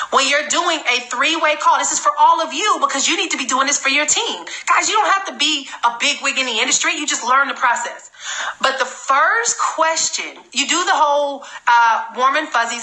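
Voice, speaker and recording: A woman giving an energetic, emphatic live-streamed sales training talk as a network marketing trainer. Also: high voice, moderate pace, roomy sound, rough recording. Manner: energetic, emphatic, repeats for stress.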